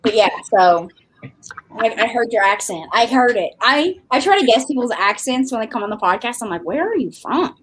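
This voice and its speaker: A woman with a Southern US drawl talks fast and animatedly as a podcast guest, laughing as she goes. Her voice sits fairly high. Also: a little hiss or hum. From American South. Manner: animated, chatty, laughs often. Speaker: podcast guest, romance author. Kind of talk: casual chat.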